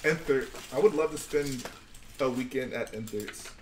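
A man's voice: medium pitch, normal speed, distant mic. A young man hosts a casual livestream and keeps up a playful, goofy running chat. He sits away from the mic in an echoey room. Faint noise hums behind him. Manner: playful, does goofy bits. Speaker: stream host and builder.

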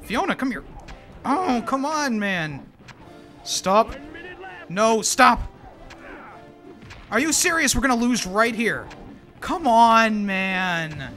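A young man streaming a video game live, swearing and venting his frustration in loud outbursts. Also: extremely high pitch. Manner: exasperated, swearing, frequent outbursts. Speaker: gaming streamer. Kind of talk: live gameplay commentary.

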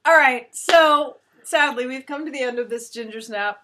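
A woman's voice: sits high, moderate pace, pushed and bright, slight background noise. A woman hosting a casual talk show, chatty and enthusiastic, laughing often. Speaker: host. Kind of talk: casual chat.

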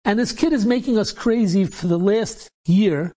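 A man's voice: high-pitched, moderate pace, warm tone, natural voice. A man voicing an exasperated middle-aged mother complaining about her son, in a retold story.

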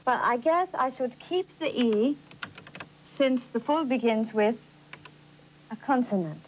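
A woman's voice: a little high, unhurried, slight background noise, close to an everyday voice, rough recording. An actress playing an earnest adult woman learning spelling, in a scripted educational TV lesson. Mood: curious.

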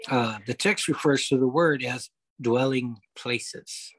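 A man leading a Bible study over a video call, explaining scripture step by step, often pausing on okay and uh. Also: mid-range voice, breathy edge, no room sound, low-quality recording. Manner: explanatory, repeats key points, frequent okay and uh. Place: home, online meeting.

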